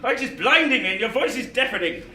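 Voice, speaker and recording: Guy doing a timid old miser, stammery and formal, high voice, roomy stage sound. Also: expressive, fairly quick, bright, forceful tone, distant mic, exaggerated voice. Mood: alarmed. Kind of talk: live stage acting. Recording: echoey stage with clear noise.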